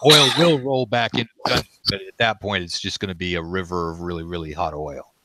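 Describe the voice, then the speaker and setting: Male game master, low voice, dry close sound, casual describer. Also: fast, bright, forceful tone, no echo. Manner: loose, conversational scene description. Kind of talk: narrating a tabletop game.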